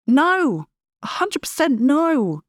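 A woman's voice: high voice, sing-song, takes it slowly, no echo. A middle-aged woman hosts her own fitness podcast, coaching listeners in a blunt, emphatic, tough-love way. Her voice is close and completely dry, with no room around it. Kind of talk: solo podcast monologue.

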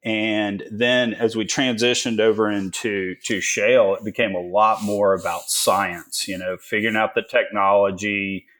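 A man's voice: lowish voice, level tone, measured pace, few pauses, a bit bright. A Texan man in his forties, a guest telling stories in a folksy, joking way with many fillers. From Texas. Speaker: guest, energy investor. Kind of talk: casual interview talk.

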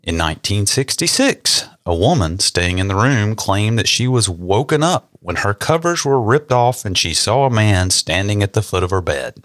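A man's voice: fairly low pitch, lively intonation, moderate pace, hardly any pauses, a bit bright, dry recording, studio quality. A young man co-hosting a podcast, reading history facts and joking about them. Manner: joking, reads facts then riffs. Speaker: podcast co-host. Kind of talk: casual chat and read history.

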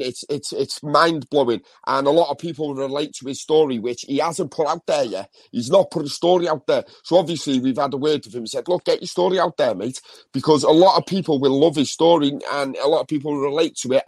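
A man's voice: a little high, a little fast, no room sound. A man with a Liverpool accent co-hosting a live stream, rambling, talking a lot and swearing. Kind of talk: casual live stream chat.

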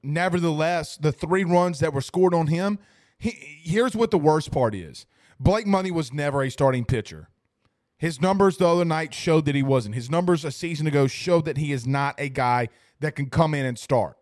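A man's voice: on the high side, moderate pace, darkish tone, dry recording, clean studio sound. A man hosting a casual sports talk livestream, reading chat comments and rambling emphatically with repeated phrases. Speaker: host reading live chat. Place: studio.

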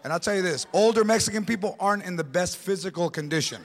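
Gravelly man doing stand-up. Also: sits high, fast talker. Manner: animated storytelling, acts out characters. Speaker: stand-up comedian. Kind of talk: stand-up comedy. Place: theater stage with audience. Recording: live show, loud crowd.

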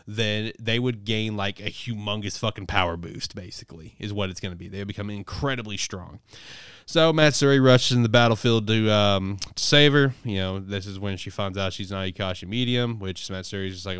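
A man hosting a casual podcast, recapping a manga chapter in a profane, rambling, animated way. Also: on the low side, clean tone, no room sound, clean studio sound. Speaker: podcast host reviewing manga. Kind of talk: casual chat.

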